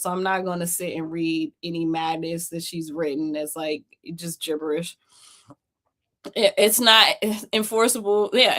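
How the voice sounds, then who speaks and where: A woman's voice: mid-range voice, fairly bright tone. A woman hosting a livestream, talking in a blunt, mocking way and laughing often as she goes through documents for her viewers. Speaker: host. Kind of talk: livestream commentary.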